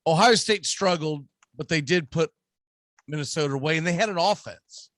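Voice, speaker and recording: A man's voice: on the high side, moderate pace, fairly bright tone, dry recording. A man with a Southern US accent, hosting a sports radio show and ranting emphatically about football. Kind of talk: casual sports talk.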